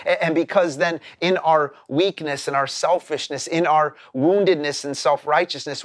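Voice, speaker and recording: A man's voice: on the high side, fairly even intonation, moderate pace, few pauses, dry recording, clean studio sound. A man preaching a sermon as a pastor, earnest and explanatory, often repeating words as he starts a phrase.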